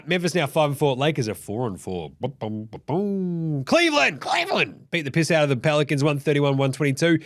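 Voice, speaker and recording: A man with an Australian accent hosting a basketball recap show, swearing freely and acting out what the players might have said. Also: on the high side. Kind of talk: casual profane game recap.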